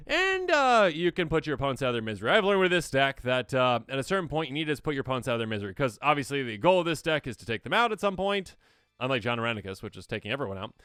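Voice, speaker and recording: A man hosting an excitable card game deck overview, acting out players' reactions in squeaky voices. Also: very fast, clean tone, no room sound, studio quality. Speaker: host.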